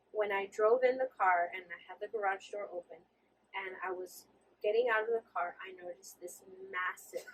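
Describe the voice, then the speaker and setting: A young woman co-hosting a podcast, telling a story in an animated, laughing way and slipping into Spanish. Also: mid-range voice, distant mic, slight background noise, poor audio. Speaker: podcast co-host. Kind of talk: casual storytelling chat.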